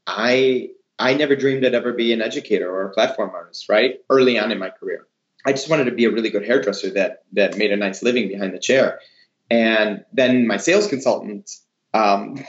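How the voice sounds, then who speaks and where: A man, a hairdresser and educator, talking in a casual interview with enthusiastic, animated storytelling. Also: on the low side. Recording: roomy, slightly dull sound.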